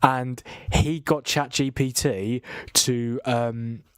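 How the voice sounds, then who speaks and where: A man's voice: medium pitch, fairly even intonation, takes it slowly, clear, resonant tone, no echo, clean studio sound. A tired young man hosting a live football watchalong, chatting casually and yawning between restarts. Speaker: watchalong host.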